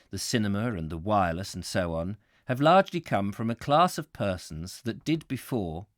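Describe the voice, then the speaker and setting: A man's voice: fairly low pitch, dry recording, studio quality. Chatty man reading a book aloud. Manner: chatty, laughs at his own slips and stumbles over words. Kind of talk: live-streamed book reading with chat asides.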